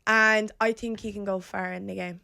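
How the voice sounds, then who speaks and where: A young Irish woman co-hosting a podcast, teasing the others and chiming in with quick remarks. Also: mid-range voice, level tone, vocal fry, sharp tone, dry recording. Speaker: podcast co-host. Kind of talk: casual chat.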